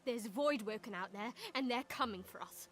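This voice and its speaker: A woman's voice: a little high, normal speed, a bit bright, soft background music. An actress playing a tense female archer on watch, speaking in a posh English accent, with a dry, wary manner.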